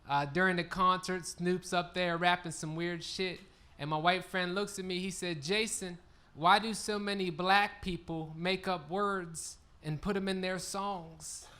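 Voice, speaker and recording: A man's voice: high-pitched, sharp tone. A man doing a crude, punchy stand-up comedy set on a live stage. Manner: punchy, crude, laid-back delivery. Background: audience laughter.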